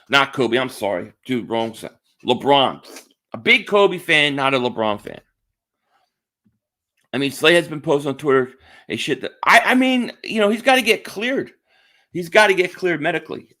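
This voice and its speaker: A man's voice: fairly high pitch, a bit bright. A man hosting a casual live stream, chatting about football and greeting viewers in the chat, repeating himself often. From Philadelphia area. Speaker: sports stream host.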